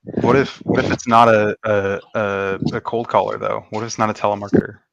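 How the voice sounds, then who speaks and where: A man's voice: fairly low pitch, little pitch movement, a little fast, gravelly, no echo, dull audio. A man on a panel stumbling over his words while playfully needling another guest. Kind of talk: casual panel chat.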